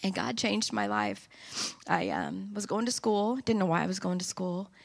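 A middle-aged woman giving a personal testimony at church, telling her story in an earnest, animated way. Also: fairly low pitch, moderate pace, creaky.

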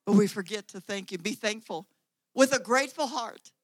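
A woman preacher delivers a sermon to a room of women, hammering home each point with repeated phrases. Her mid-pitched voice swells in volume on the big lines and then drops back. The recording is close and dry, with no room echo. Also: moderate pace.

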